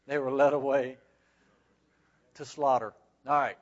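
A man's voice: mid-range voice, steady tone, measured pace, lo-fi sound. A man leading a Bible study class, reading scripture aloud and explaining it in a folksy, conversational way with frequent asides.

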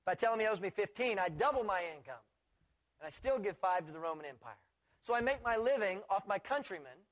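A man with a high, expressive voice talks fast as he preaches a sermon. His style is conversational, and he often puts questions to his listeners.

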